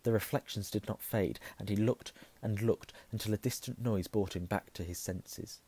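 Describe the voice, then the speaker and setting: A hoarse man reading a novel aloud, hushing at tense moments and correcting himself. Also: on the low side, normal speed. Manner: self-correcting, softening to a hush at tense moments. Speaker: reader.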